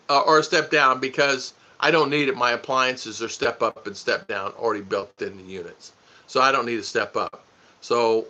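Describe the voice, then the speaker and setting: A man's voice: medium pitch, bright, forceful tone. A man hosting a casual livestream, joking, teasing and laughing as he answers viewer comments. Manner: goofy, teasing, laughs often. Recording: dull lo-fi stream audio.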